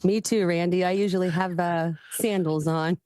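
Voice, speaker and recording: A woman co-hosting a podcast, talking in a slow, calm, giggly way. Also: lowish voice, smooth, dry recording, clean studio sound. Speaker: podcast co-host. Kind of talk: casual chat.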